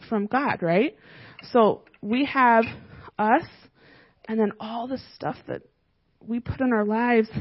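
A woman with a high voice leads a Bible lesson for children, keeping it animated with constant questions. The sound is dry and close, a little muffled and lo-fi. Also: dry recording. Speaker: children's church teacher.

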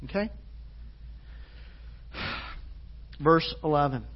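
A man preaching a sermon in a church. He is earnest, moving between hushed, soft passages and loud, emphatic ones. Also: on the high side, drawn-out words. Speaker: pastor. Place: church sanctuary. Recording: dull lo-fi church recording.

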